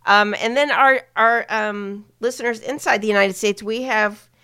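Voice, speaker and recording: A woman co-hosting a casual podcast, chatting with listeners in a relaxed way with many fillers. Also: on the high side, normal speed, clear, resonant tone, dry recording, clean studio sound. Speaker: podcast co-host.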